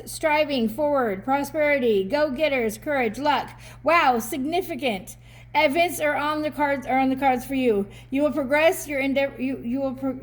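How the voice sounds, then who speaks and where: High-voiced chatty woman reading cards. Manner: chatty, upbeat, laughs often, reads card text aloud. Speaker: oracle card reader. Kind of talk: casual card reading to camera.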